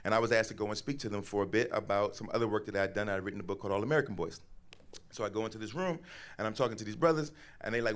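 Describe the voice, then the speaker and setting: A man talks fast and loose as he tells stories to a crowd. He is casual and animated, slipping into quoted voices as he goes. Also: on the low side. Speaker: guest author speaker. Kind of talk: storytelling talk on stage.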